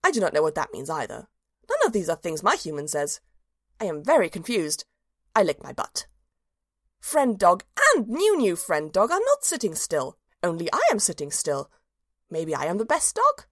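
A woman's voice: lowish voice, wildly swooping pitch, normal speed, dry recording, studio quality, voice pushed down, exaggerated voice. A woman narrating a storybook in the voice of a cheerful, simple-minded little dog, earnest and childlike.

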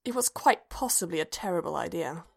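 A woman narrating a story aloud in a measured, even-paced reading. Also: on the low side, creaky. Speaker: reader.

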